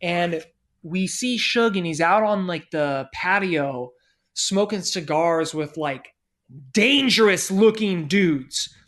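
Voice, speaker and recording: Male podcast guest, 30s, high-pitched storyteller who curses and acts out his characters. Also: slow. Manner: profane, animated, acts out quoted people. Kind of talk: casual anecdote storytelling.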